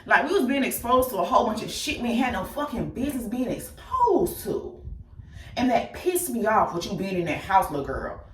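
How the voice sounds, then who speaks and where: A woman bluntly telling her own life story to viewers, profane and animated, speaking straight to her audience. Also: fairly high pitch, brisk, recorded from a distance. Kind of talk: casual personal storytelling to viewers. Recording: echoey room with the voice off-mic.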